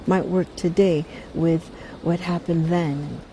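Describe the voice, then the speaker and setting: Mellow soft-spoken middle-aged woman. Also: lowish voice, fairly even intonation, slow pace, a little hiss or hum. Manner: soft-spoken, reflective, with many restarts. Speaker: celebrity guest. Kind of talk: casual interview chat.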